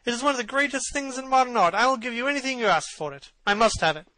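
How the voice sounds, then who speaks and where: A man reading aloud, voicing a witty, languid aristocratic gentleman with an amused, airy manner. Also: extremely high pitch, fast, dry recording, pitched above the performer's own voice. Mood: eager.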